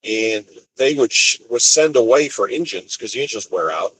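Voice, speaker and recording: A man's voice: mid-range voice, lively intonation, normal speed, a bit bright, breathy edge, low-quality recording. A man driving solo on the road, casually rambling through a story with many restarts. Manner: rambling, restarts sentences, retells conversations. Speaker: expediter truck driver. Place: inside a vehicle on the road.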